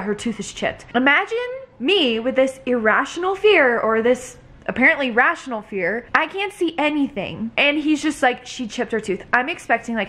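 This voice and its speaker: A woman's voice: a little high, a bit bright. A young woman vlogging at home, casually telling a family story with lots of "like" and acted-out quotes. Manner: chatty, lots of "like", acts out quotes. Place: home, indoors with toddler.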